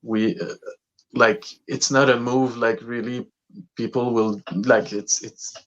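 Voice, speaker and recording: A man's voice: medium pitch, fairly even intonation, slow, fairly bright tone, highs cut off. A man, a musician guest telling stories in a rambling way with many fillers and restarts. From Quebec, Canada. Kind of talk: casual storytelling interview.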